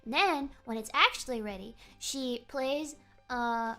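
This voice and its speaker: A young woman streaming, telling a rambling story in a giggly, animated way. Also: sits high, measured pace, soft background music. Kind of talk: casual chat. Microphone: streaming microphone.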